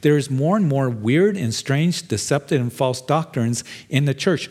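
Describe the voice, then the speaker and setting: A man's voice: mid-range voice, lively intonation, moderate pace, hardly any pauses, a little mellow. A middle-aged pastor preaching a sermon in a conversational, plain-spoken way, acting out quoted voices as he goes.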